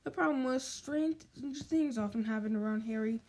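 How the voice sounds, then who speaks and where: A woman's voice: on the high side, moderate pace, darkish tone. A woman reading a storybook aloud, with frequent stumbles and restarts.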